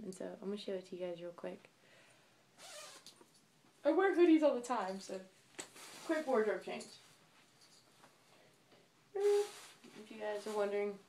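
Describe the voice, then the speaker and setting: A woman's voice: mid-range voice, a little mellow, a little hiss or hum. A young woman chatting casually to camera as a vlogger, bubbly and gushing as she rambles.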